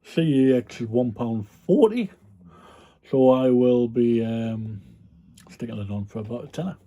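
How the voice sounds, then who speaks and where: Speaking at a measured pace in a medium-pitched, dark voice, a reseller vlogger chats casually with viewers about the things he resells. He rambles, says um a lot, and yawns now and then.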